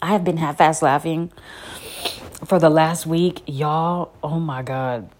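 A woman's voice: low-pitched, steady tone, takes it slowly, a little mellow, slight background noise. A young woman chatting candidly and profanely to her viewers, sore from surgery and holding back laughter. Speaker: vlogger recounting her birth. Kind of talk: casual storytelling to viewers.

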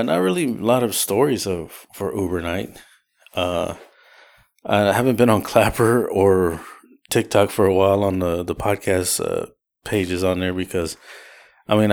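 A man's voice: deep voice, a little mellow. A man hosting a podcast alone, telling a rideshare story in a rambling casual way with many fillers. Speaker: podcast host.

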